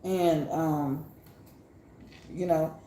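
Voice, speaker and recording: Home cooking vlogger, woman, low-pitched and unhurried, echoey kitchen with loud pot and dish clatter. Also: fairly even intonation, heavy background noise. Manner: chatty, laughing, exclaiming while chopping. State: teary-eyed from onion fumes. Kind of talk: casual cooking demonstration. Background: dishes, pots and pans clattering.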